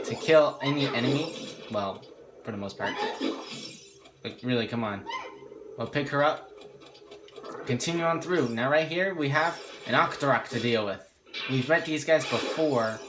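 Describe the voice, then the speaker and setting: A young man casually commenting on his own game walkthrough, chatty and sarcastic, often correcting himself. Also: mid-range voice. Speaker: walkthrough host. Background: game music.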